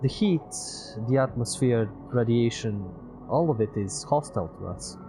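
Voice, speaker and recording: A man's voice: medium pitch, animated, normal speed, natural voice, low-quality recording. A man reading a game aloud, voicing a weary male former engineering teacher who has lost his home and future. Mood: earnest. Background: music.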